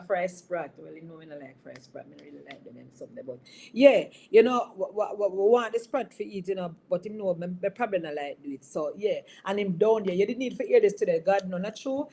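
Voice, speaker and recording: A woman's voice: mid-range voice, warm tone. A woman giving an informal sermon on marriage, teasing listeners by name and often asking whether they understand. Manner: conversational, teasing audience members by name, frequent tag questions. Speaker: bishop. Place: online service broadcast.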